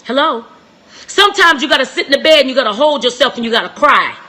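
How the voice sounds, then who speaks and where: A young woman hosting a live-stream relationship talk, preachy and emphatic, repeating phrases and swinging from soft to shouting. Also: sits high, expressive, fast talker.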